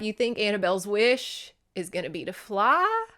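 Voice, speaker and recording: A woman hosting a podcast, recapping a movie in an animated, emotional, casual way with some swearing. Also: medium pitch, moderate pace, dry recording, studio quality. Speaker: podcast host.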